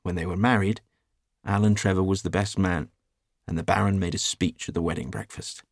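A man narrating a classic story in a measured, even way. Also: deep voice, gravelly, dry recording, clean studio sound. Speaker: audiobook reader. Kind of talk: scripted narration.

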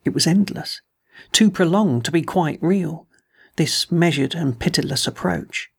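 A man reading a dark story aloud as narrator, in a measured, dramatic delivery. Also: fairly high pitch, gravelly, husky. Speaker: audiobook reader. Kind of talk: scripted narration.

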